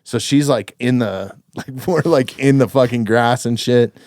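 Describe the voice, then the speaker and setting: A man's voice: medium pitch, unhurried, darkish tone, no room sound, clean studio sound. A man in his thirties hosting a podcast, telling stories in casual chat with lots of dude and swearing. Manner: swears freely, says dude a lot. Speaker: podcast host.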